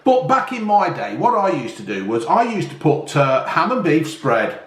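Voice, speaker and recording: A man hosts a casual kitchen vlog, chatty and prone to swearing. His voice rises and falls a lot and sits a little high. The room around him is echoey. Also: very animated, moderate pace. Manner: chatty, swears, addresses viewers as folks. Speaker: vlog host. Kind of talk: casual cooking vlog chat.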